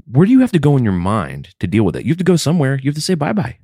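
A man co-hosting a casual chat, with crude, dark jokes. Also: mid-range voice, wildly swooping pitch, rapid-fire, breathy edge, dry recording, studio quality.

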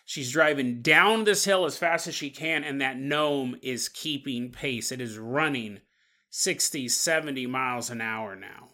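A man hosting a podcast, retelling a story in a casual, animated way and acting out the people he quotes. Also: medium pitch, a little slow. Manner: animated, acts out quotes with playful voices. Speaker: podcast host.

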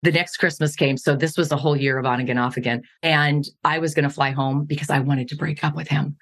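A woman's voice: low-pitched, steady tone, fast. A middle-aged woman from Montana telling her life story candidly as a podcast guest, earnest and laughing at painful memories.

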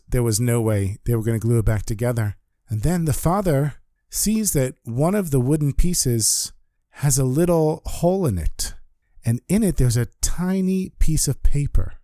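A man telling a story in an earnest, animated way. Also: medium pitch, normal speed, no echo, studio quality. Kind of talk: spoken storytelling.

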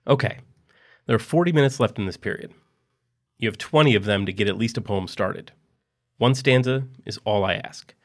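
A man's voice: lowish voice, normal speed, long pauses, lightly acted. A man voicing Mister Clark, a stern teacher who grows exasperated with a student. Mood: firm. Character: stern adult male teacher, patient then exasperated.

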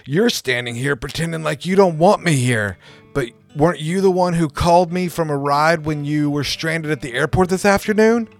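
A menacing, manipulative ex-husband who taunts in a slightly raised, pushy voice, as a male storyteller puts him on. Soft guitar music plays faintly behind him. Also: fairly high pitch, moderate pace, pitched above the performer's own voice, natural voice. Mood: taunting. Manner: taunting, sneering delivery.

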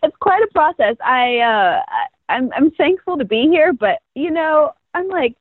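A woman's voice: high voice, sing-song, measured pace, no room sound. A young woman in her twenties, a first-year pro cheerleader, chatting bubbly in an interview and laughing often. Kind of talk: casual interview storytelling. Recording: tinny phone-like line, dry.

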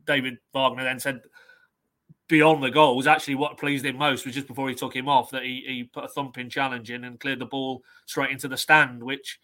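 A man who reports on football, giving measured analysis on a podcast and reading quotes from his notes. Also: medium pitch, little pitch movement, bright, forceful tone.

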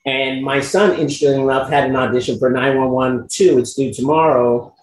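A man's voice: medium pitch, fairly even intonation, a little fast. Upbeat man in an echoey room. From England. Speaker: guest actor. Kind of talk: casual chat.

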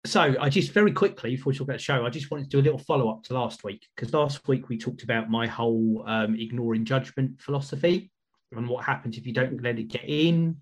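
Casual male podcast host, slightly husky, rambly and warm-paced. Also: medium pitch, quick pace. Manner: chatty, rambling with restarts.

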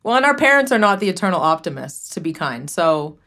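A woman's voice: fairly low pitch, sing-song, a little fast, a bit bright. A woman hosting a podcast in casual chat, teasing and blunt with a dry edge. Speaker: podcast host.

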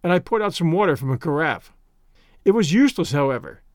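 A man narrating a classic story as an audiobook reading, measured and expressive. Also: fairly high pitch, no room sound, clean studio sound.

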